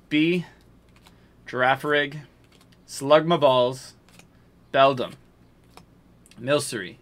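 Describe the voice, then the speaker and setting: Chatting casually on a live stream, this man from New England opens card packs, getting hyped over big pulls, joking with his chat, and mumbling as he sorts the cards. His voice is mid-range with a fairly bright tone.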